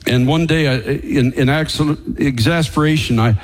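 A man's voice: on the high side, moderate pace, rough recording. A man preaching a sermon as pastor, emphatic and paraphrasing scripture with light chuckles.

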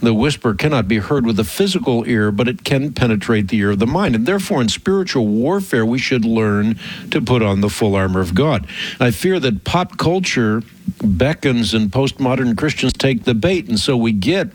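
A man hosting a radio call-in program, answering a caller in a measured, emphatic teaching manner that stretches out key phrases. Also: mid-range voice, expressive.

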